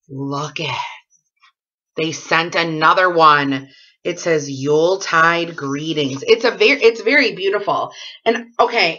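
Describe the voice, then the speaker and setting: A woman vlogs casually from home, reading her fan mail aloud in a gushing, rambling style packed with asides. Her mid-range voice sounds pushed and bright, and the recording is muffled.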